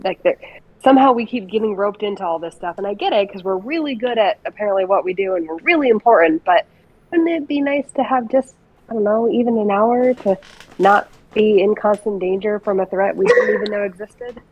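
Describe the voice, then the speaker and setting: A woman's voice: medium pitch, brisk, highs cut off. A woman playing a tabletop game, chatting in a rambling way. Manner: rambling, animated. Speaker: player. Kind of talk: casual tabletop game chat.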